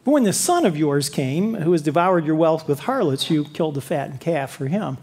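A man's voice: fairly high pitch, animated, normal speed, darkish tone, husky. A man voicing a resentful, self-righteous elder son who complains and justifies himself. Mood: complaining. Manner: indignant, pleading, self-justifying.

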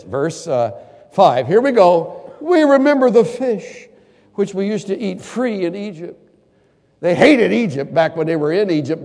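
An older man preaches a sermon with a gravelly edge to his voice. He shifts between animated outbursts and hushed, earnest passages. A long reverb hangs on his words in a large hall. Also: fairly high pitch. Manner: expressive preaching, loud bursts, quiet earnest asides.

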